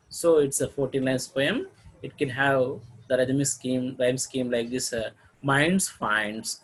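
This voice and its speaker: A man with an Indian English accent teaching a lesson on poetry, reading verse examples aloud and explaining them haltingly, often clearing his throat. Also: medium pitch, poor audio. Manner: slow and halting, with frequent fillers and throat clearing. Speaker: literature teacher.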